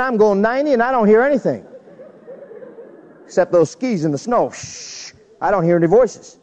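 Lively high-voiced preacher. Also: male voice, slight background noise. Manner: animated, acts out the people in his stories. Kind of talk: storytelling sermon. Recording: dull recording with long hall reverb.

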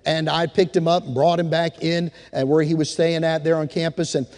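A man's voice: on the high side, level tone, a little fast, darkish tone, long reverb tail. A man preaching a sermon, telling a story and then rising into fervent exhortation to his congregation. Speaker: pastor.

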